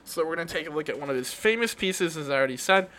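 A man's voice: a little high, lively intonation, rapid-fire, sharp tone, a little hiss or hum. Laughing, rambling male podcast host. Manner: laughing, rambling with many fillers and restarts. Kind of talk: casual podcast chat.

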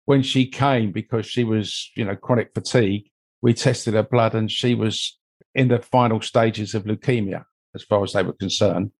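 A man's voice: fairly low pitch, fairly even intonation, moderate pace, darkish tone. An older man, telling a long, rambling personal story as an interview guest and filling it with "you know" asides. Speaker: interview guest, mold investigator. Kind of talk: conversational storytelling.

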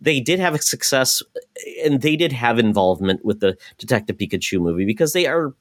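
Lively, animated male podcast host. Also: medium pitch, no echo, clean studio sound. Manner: animated, opinionated, quick asides. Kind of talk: casual chat.

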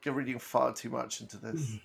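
A man's voice: medium pitch, steady tone, brisk, vocal fry, slightly rough. A man co-hosting a podcast in casual chat, joking and laughing often. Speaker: podcast co-host.

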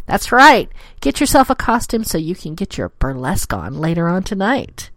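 A woman's voice: fairly low pitch, very animated, fairly quick, no echo. A woman hosting her own adult-themed podcast, talking in a playful, theatrical way and dropping to a whisper for emphasis. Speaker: podcast host. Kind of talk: scripted solo show talk.

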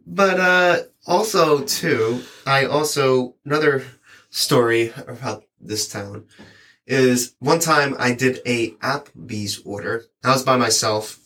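A man's voice: medium pitch, unhurried. Chatty man telling delivery stories. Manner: rambling, animated, acts out quoted lines. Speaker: delivery driver sharing stories. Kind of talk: casual storytelling chat.

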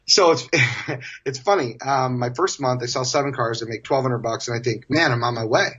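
A man in his forties, a guest telling stories in a casual, animated way, often laughing as he talks. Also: medium pitch, normal speed, slightly rough, lo-fi sound. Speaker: interview guest. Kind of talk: casual storytelling.

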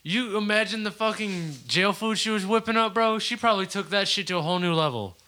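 A man's voice: high voice, fairly quick, pushed and bright. A young man in casual podcast banter, joking and slangy, riffing with friends.

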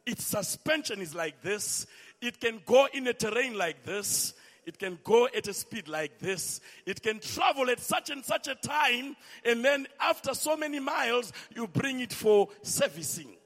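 Man, very high voice, unhurried fervent preacher, sing-song shouts, long hall echo. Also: animated. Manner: sing-song, swelling to shouts, calls for amens. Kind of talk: impassioned sermon.

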